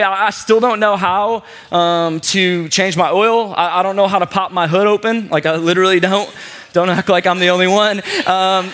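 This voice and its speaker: High-voiced, chatty young preacher. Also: male voice, a little hiss or hum. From St. Louis, USA. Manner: chatty, joking storyteller with many fillers; playful, animated quoted voices. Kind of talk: casual sermon to a live audience.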